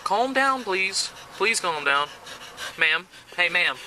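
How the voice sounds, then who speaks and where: Sharp, stern male officer. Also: high-pitched, sing-song, slow pace, slight background noise, rough recording. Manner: stern, impatient, repeats short commands. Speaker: police officer. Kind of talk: stern orders at a traffic stop. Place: roadside at a night traffic stop, outdoors. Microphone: body-worn camera.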